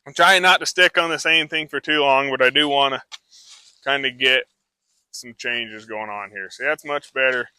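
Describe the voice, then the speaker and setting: A man's voice: medium pitch, fairly even intonation, normal speed, bright, forceful tone, clean tone, no room sound. A man who trains horses, talking a live audience through a demonstration in a casual, rambling way full of fillers.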